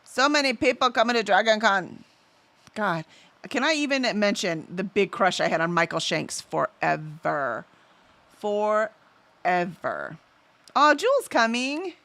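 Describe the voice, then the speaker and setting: A woman's voice: medium pitch, sing-song, normal speed, fairly bright tone, no room sound. A woman hosting a casual livestream, chatting and reading out viewer messages, easily sidetracked and full of fillers. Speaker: livestream host.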